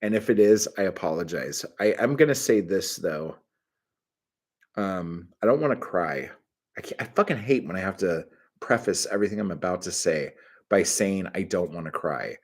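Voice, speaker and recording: A middle-aged man hosting his own livestream, chatting casually, rambling and swearing with sudden bursts of excitement. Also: deep voice, moderate pace. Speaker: channel host.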